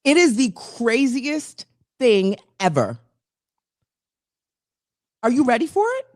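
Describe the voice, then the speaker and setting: A woman's voice: fairly high pitch, slow pace, no echo, clean studio sound. A woman co-hosting a casual talk show, telling a long, rambling story full of restarts and asides. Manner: animated, rambling, restarts stories. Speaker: co-host.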